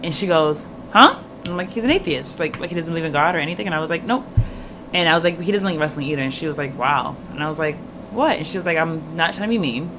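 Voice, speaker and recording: Young woman, quick casual storyteller who acts out the dialogue, in a noisy room recording. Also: low-pitched. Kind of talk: casual chat.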